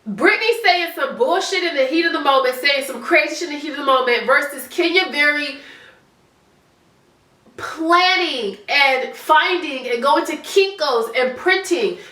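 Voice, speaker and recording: Sassy high-voiced congested woman. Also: moderate pace, reverberant. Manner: animated, sassy, blunt with profanity. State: congested, stuffy nose. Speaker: commentary vlogger. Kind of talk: casual reality TV commentary.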